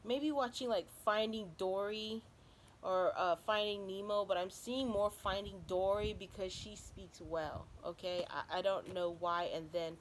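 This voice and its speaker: A woman at home reads spiritual cards for her viewers in a loose, rambling way, dropping "all right?" after nearly every thought. Her voice sits at an ordinary middle pitch. A faint hum of outdoor noise drifts in through an open window. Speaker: tarot card reader. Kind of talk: casual spiritual reading for viewers. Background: faint noise from outside.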